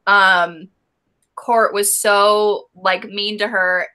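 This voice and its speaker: Bright-voiced woman giggling through book chat. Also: medium pitch, steady tone, extremely slow, smooth. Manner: chatty, giggly, reads listener comments aloud. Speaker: book club co-host. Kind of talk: casual book discussion.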